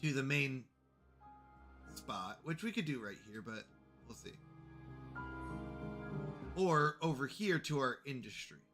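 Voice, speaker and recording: Playing a game on stream with music in the background, a Canadian man chats with viewers in a friendly, casual manner. His medium-pitched voice is sing-song and slow, with long pauses, and he talks straight to chat.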